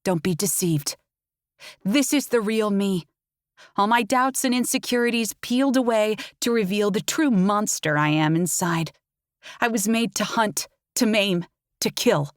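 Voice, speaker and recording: A woman's voice: medium pitch, measured pace, no room sound, studio quality, lightly acted. A woman voicing a cold young faerie assassin who taunts her opponent boldly. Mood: taunting. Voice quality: mocking and bold.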